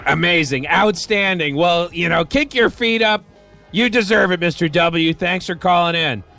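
A man's voice: high voice, bright, forceful tone, faint music behind. A man hosting a comic morning radio show, joking his way through calls. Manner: quick, jokey, taking calls. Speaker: radio host.

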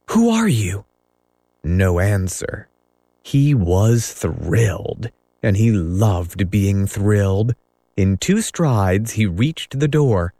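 A man narrating a children's novel in a slow, measured, dramatic reading. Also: deep voice, mellow, no echo. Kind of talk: storybook reading.

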